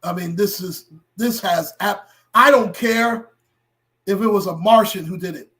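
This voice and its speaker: High-voiced impassioned man hosting a livestream. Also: unhurried. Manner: impassioned, blunt and profane, rising to shouts. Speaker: livestream host. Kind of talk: livestream commentary to chat.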